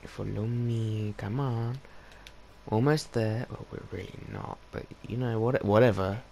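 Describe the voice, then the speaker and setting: Gaming host: guy, low and a bit gravelly, chatty let's-play narration that keeps talking to his pets. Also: fairly even intonation, unhurried, dark tone, a little hiss or hum. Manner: chatty, coaxes his in-game pets along. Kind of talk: casual let's-play commentary.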